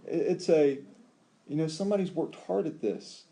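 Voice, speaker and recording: A man teaching a Bible study, talking in an animated, emphatic way with rhetorical questions and frequent ums. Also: a little high, moderate pace.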